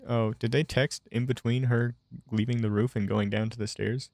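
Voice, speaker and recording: A man's voice: medium pitch, flat delivery, normal speed, a little mellow, no echo. A man playing a video game, chatting casually and reading in-game text messages aloud between his own reactions. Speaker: let's play gamer. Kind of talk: casual gameplay commentary.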